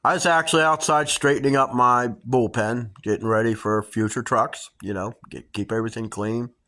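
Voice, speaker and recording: A middle-aged woman host telling dramatic personal stories to her viewers in a casual, animated way. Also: very deep voice, moderate pace. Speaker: homestead channel host.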